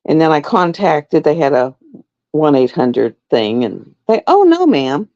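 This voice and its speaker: Her voice is deep and expressive with a darkish tone, moving at a measured pace. She's a middle-aged livestream host who sews while casually chatting and rambling through stories, heard in a dull, dry lo-fi recording.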